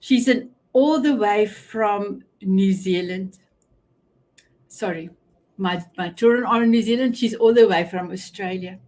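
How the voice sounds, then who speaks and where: Slow, effusive woman host. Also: medium pitch, darkish tone. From South Africa. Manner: effusive, repeats herself, many restarts. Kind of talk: live online show hosting.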